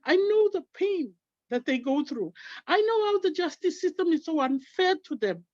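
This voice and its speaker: A woman's voice: very high-pitched, animated, moderate pace, darkish tone, no room sound, highs cut off. A middle-aged woman from Guinea, speaking, gives an earnest, heartfelt personal testimony on an online call. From Papua New Guinea. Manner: heartfelt and earnest, fervently religious. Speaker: team member sharing her story.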